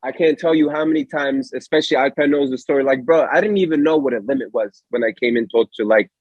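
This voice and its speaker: A young American man hosting a casual podcast, slangy and animated, calling his guest "bro" all the time. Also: mid-range voice, fast talker, breathy edge, no room sound. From Allentown, Pennsylvania, USA. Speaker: podcast host. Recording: slightly dull, dry lo-fi recording.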